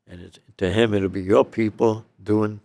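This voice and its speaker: Gravelly low-voiced older man. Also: fairly even intonation, normal speed, dark tone. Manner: rambling, peppers talk with "okay?" and "you know". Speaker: interview guest. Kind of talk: storytelling.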